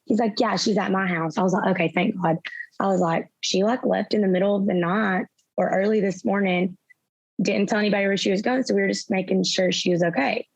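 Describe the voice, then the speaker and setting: A young woman, a guest in an interview, retelling events through quoted dialogue in a soft, halting way with fillers. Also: medium pitch, fairly even intonation, creaky, breathy edge, no room sound. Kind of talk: personal storytelling in an interview. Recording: slightly dull, dry sound.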